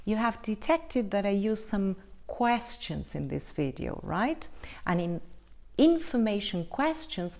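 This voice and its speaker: Slow, animated woman teaching English. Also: medium pitch. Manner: slow, deliberate, explanatory with frequent checks like "right?". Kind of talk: online English lesson.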